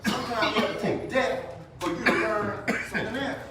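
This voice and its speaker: A man's voice: high-pitched, a little fast, over a noisy crowd. A man giving a folksy funeral sermon, telling stories with a preacherly, repetitive delivery. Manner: storytelling, preacherly, repetitive restarts. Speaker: funeral speaker. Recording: very echoey hall, distant mic.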